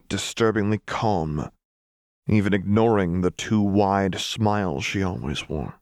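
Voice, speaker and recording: A man reading a fan-fiction story aloud as a steady, measured narrator. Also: low-pitched, dry recording, clean studio sound. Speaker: audiobook reader. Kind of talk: scripted narration.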